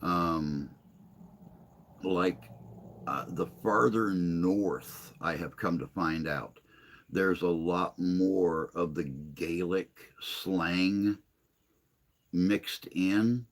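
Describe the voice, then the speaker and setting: A man hosting a casual livestream chat, answering viewer comments in a rambling, hesitant way with long pauses. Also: sits low. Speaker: livestream host.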